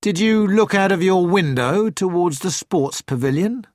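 A man's voice: sits high, lively intonation, unhurried, darkish tone, dry recording, studio quality, voice pushed up. A man reading aloud as a grave, gloomy male police inspector asking questions.

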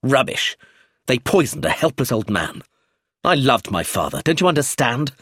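A man's voice: medium pitch, big pitch swings, moderate pace, fairly bright tone, no room sound, studio quality, pitched above the performer's own voice. A man reading aloud, voicing a grieving grown son who talks bluntly and angrily. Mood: bitter. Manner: blunt and angry.

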